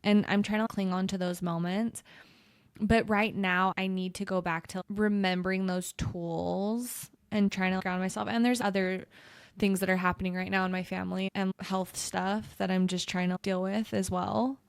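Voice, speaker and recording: A woman's voice: mid-range voice, fairly even intonation, moderate pace, gravelly, clean tone, no echo, studio quality. A woman in her thirties co-hosting a podcast, opening up in a candid, emotional and self-deprecating way. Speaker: podcast co-host. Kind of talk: candid casual chat.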